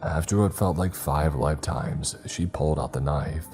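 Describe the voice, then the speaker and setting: Brief: male horror narrator, very low and mellow, steady measured read, faint music underneath. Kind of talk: scripted first-person horror narration.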